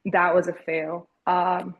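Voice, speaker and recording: A woman in her thirties telling a personal story as a podcast guest, halting and searching for words with frequent restarts. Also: lowish voice, little pitch movement, highs cut off. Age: 30s.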